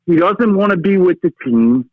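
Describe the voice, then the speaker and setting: Over a tinny phone line, a male caller rants with fire on a sports talk show, ending his lines with "okay?" and "brother." His voice is high-pitched with lively intonation and normal speed, with no room sound.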